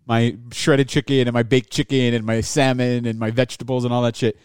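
A man's voice: mid-range voice, flat delivery, fairly quick, clean tone, no room sound, clean studio sound. A man co-hosting a radio show, telling a rambling self-mocking story in casual banter. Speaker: radio co-host.

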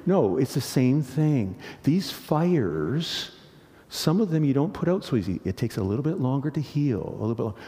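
A middle-aged man pastor preaching a sermon, earnest and animated, often asking the congregation rhetorical questions. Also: mid-range voice, normal speed. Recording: long hall reverb.

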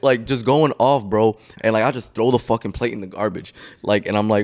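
Young male podcast host, animated storyteller, casual and profane. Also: mid-range voice, brisk, few pauses. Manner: animated storytelling, heavy cursing and filler. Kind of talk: casual chat.

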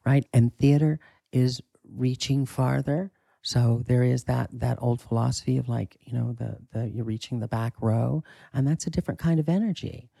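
A man talking as an acting coach in a casual interview, candid and emphatic, with a husky voice and the odd swear. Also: mid-range voice, moderate pace, warm tone, no room sound.

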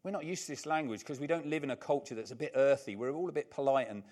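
A man's voice: medium pitch, fast, darkish tone. An older man preaching a sermon, emphatic and repeating his key lines, with chatty, humorous asides.

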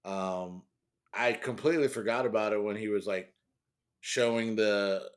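A man's voice: on the low side, a little slow, clear, resonant tone. A man chatting casually about old movies on a podcast, rambling and laughing as he goes. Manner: rambling, laughs often, trails off. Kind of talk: casual chat.

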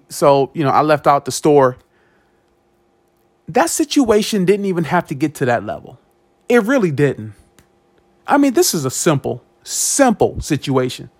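Animated man telling a story, dry sound. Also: fairly high pitch, dry recording. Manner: animated, repeats words, acts out quoted speech. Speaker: podcast host. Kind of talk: personal storytelling monologue.

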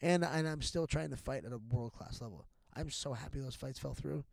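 A man's voice: medium pitch, fairly quick, gravelly, a little mellow, no echo. Rambling, profane middle-aged man. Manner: rambling, profane, full of restarts and fillers. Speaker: podcast guest. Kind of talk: candid casual chat.

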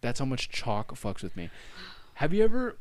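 Casting: male podcast co-host, casual and animated, swearing freely, lively pitch. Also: normal speed, dry recording. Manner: animated, swearing, rambling with restarts. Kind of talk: casual chat.

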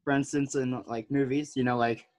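Joking, rambling young podcast host. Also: male voice, mid-range voice, steady tone, normal speed, darkish tone. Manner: joking, rambling with many fillers. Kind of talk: casual chat.

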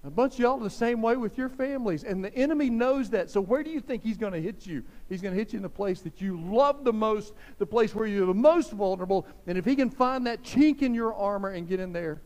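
Pastor, man in his fifties, high voice, fervent exhorting sermon, long church-hall echo. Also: animated, a little fast, hardly any pauses, a little mellow. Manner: fervent, exhorting, repeats phrases for emphasis.

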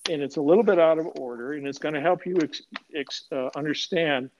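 Older man, retired cop, blunt, profane, mocking, fairly high voice, animated storytelling. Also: brisk, muffled recording, a little hiss or hum. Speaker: retired police sergeant, guest.

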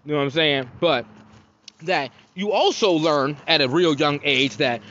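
A man in his thirties from Cincinnati, telling profane, animated stories on his podcast and acting out quotes. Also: fairly high pitch, measured pace, dull audio. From Cincinnati, Ohio. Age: 30s. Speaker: podcast host. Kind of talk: casual storytelling monologue.

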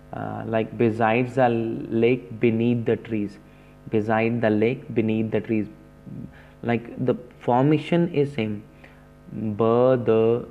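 A man teaching a poetry lesson, explaining slowly with many pauses and fillers. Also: mid-range voice, a little mellow.

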